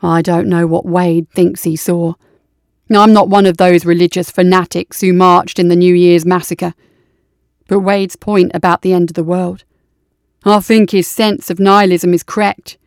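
A woman's voice: fairly low pitch, darkish tone, no room sound, studio quality, natural voice. A woman voicing a nihilistic male scout captain who talks with intense, urgent persuasion.

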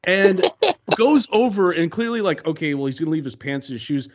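A laid-back man with a somewhat high voice talks through a movie on a podcast, laughing along with his co-hosts. His sound is muffled and lo-fi. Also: expressive, a little fast. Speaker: podcast co-host. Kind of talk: casual film-review chat.

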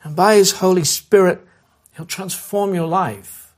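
A man preaching a sermon as a pastor, earnest and direct, repeating key phrases and urging listeners, who drops to a soft, slow voice when leading prayer. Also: high-pitched, steady tone.

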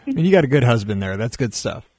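A man's voice: mid-range voice, very animated, fast, warm tone, no room sound. A man hosting a live show, taking calls in an upbeat, friendly way. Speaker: host.

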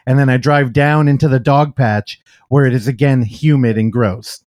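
An easygoing male co-host chats casually, in a mid-pitched voice. His voice is recorded dry and close, with no room sound. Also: fairly even intonation, normal speed, a little mellow, no echo. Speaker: podcast co-host. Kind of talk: casual chat.

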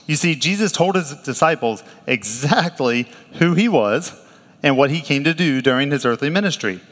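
A male pastor preaching a sermon in a conversational, animated way, with laughs and restarts. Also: on the high side, normal speed, big-room sound.

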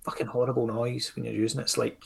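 A man's voice: medium pitch, level tone, quick pace, vocal fry. A Scottish man, a comics creator, chatting on a podcast in a rambling, self-critical way with lots of fillers and casual swearing.

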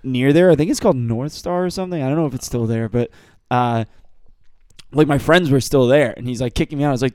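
A man's voice: medium pitch, racing, dry recording, studio quality. Swearing Boston guy telling bar stories. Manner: animated storyteller, acts out quotes, swears freely. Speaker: podcast guest. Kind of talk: casual chat.

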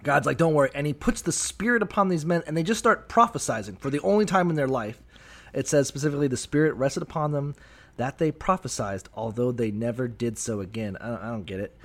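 A fast-talking co-host with a mid-range voice tears through a bible story on a comedy podcast, swearing freely. Animated throughout, he performs the characters' voices as he goes in this comic scripture chat.

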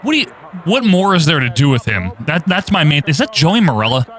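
A man's voice: a little high, very animated, a little fast, fairly bright tone. A man hosting a casual wrestling podcast, knowledgeable and steering the conversation along. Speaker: podcast host. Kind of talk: casual chat watching wrestling.

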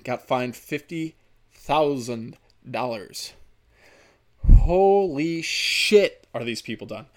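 A man's voice: medium pitch, fairly bright tone. A young man from the United States hosts a podcast in the middle of an angry rant. He swears constantly and gets worked up in heated, exasperated bursts. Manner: heated, profane, ranting.

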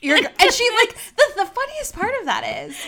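Young female co-host, very high and lively voice, playful storyteller. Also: brisk. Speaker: podcast co-host. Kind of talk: casual chat.

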